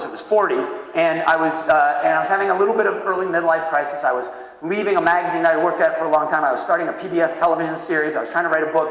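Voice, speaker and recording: A man in his fifties from Massachusetts giving a conference keynote talk, an animated storyteller who acts out voices. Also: a little high. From Massachusetts, USA. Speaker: keynote speaker. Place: large hall. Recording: echoey hall, heard from far off.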